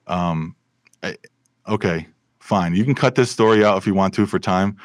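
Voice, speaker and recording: A man's voice: sits low, moderate pace, dry recording. A man, a film and television sound mixer, telling stories animatedly in a casual podcast interview. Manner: animated storyteller with many fillers and restarts.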